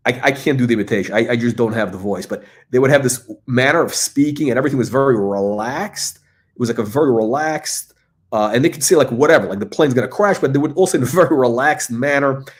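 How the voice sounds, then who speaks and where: Chatting casually on his live stream, the host speaks at a normal middle pitch through a computer microphone. His talk wanders, full of fillers, repeats and false starts.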